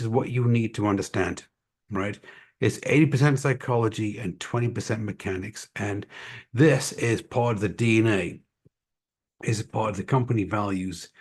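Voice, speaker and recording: A man's voice: lowish voice, breathy edge. A man running an online tutoring company talks casually and energetically to parents on a livestream, with a mixed American-Scottish accent and lots of fillers and asides. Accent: American-Scottish mix. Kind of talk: casual live-stream talk to parents.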